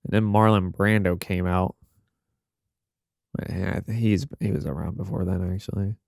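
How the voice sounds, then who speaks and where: A man's voice: low-pitched, level tone, gravelly, darkish tone, no room sound. Rambling, swearing young man, dry sound. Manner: rambling, profane, halting restarts. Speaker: podcast co-host. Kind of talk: casual chat.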